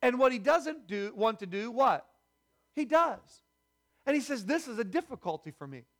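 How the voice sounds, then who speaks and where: A man's voice: very high-pitched, very animated, normal speed. A man preaching a sermon as pastor, teaching and asking the congregation rhetorical questions. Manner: prayerful and hushed when praying.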